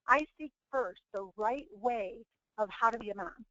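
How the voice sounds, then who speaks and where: Middle-aged woman, webinar host, earnest and preachy, higher voice, muffled dry recording. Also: normal speed, fairly bright tone, dry recording. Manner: earnest, preachy, many restarts. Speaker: webinar host and team leader. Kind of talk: motivational webinar talk. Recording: dull, dry lo-fi webinar audio.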